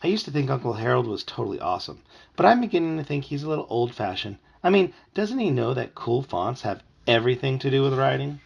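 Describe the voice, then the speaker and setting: A man with a gravelly voice reading a children's book aloud at home, lively and expressive. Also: medium pitch, fast, lo-fi sound.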